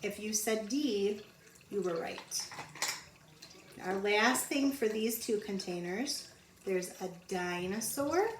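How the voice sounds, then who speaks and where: A woman teaching a phonics lesson to young children, sounding out letters slowly and repeating each word. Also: medium pitch. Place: home. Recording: roomy echo, mic at a distance, faint background noise.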